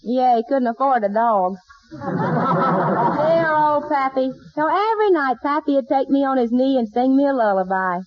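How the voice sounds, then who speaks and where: In a zany 1940s radio sitcom, a woman stars as a folksy, punning, scatterbrained country gal with plenty of wisecracks. Her high voice has lively intonation and a slightly slow pace, heard on a dull old broadcast with slight background noise.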